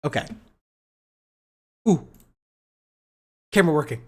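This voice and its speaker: A man's voice: on the high side, animated, slow. A man hosting a casual political livestream, rambling and sarcastic, with a profane, joking way of talking. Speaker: livestream host.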